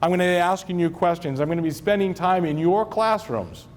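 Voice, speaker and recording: A man's voice: high voice, brisk. A man who is a school superintendent giving an informal, joking talk to school staff at a convocation. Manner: informal, joking, repeats phrases.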